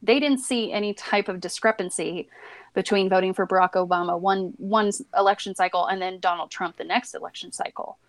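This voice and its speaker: On a podcast, a female co-host chats casually about politics in a steady, mid-range voice at a fairly quick clip. She laughs and keeps restarting her sentences hesitantly as she explains. The audio is dry and close-miked, with no room echo.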